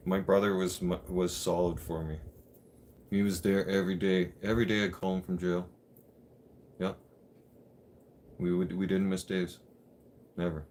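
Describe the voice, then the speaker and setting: Deep-voiced man telling his story. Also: a little mellow, a little hiss or hum. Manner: candid, swears freely, repeats "I'm like". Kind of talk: casual personal storytelling.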